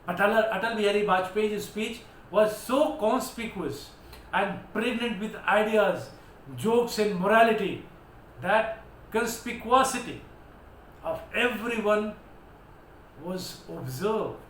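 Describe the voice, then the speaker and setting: Indian guy teaching english words, high voice, really emphatic, roomy echo + a little noise. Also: takes it slowly, a bit bright. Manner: emphatic, declamatory, spells words out letter by letter. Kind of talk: vocabulary lesson. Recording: echoey room with faint background noise.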